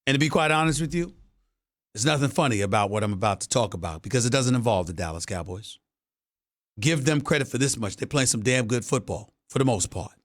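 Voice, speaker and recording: A man's voice: mid-range voice, fairly quick. A man hosting a sports talk radio show, delivering emphatic, punchy, opinionated commentary.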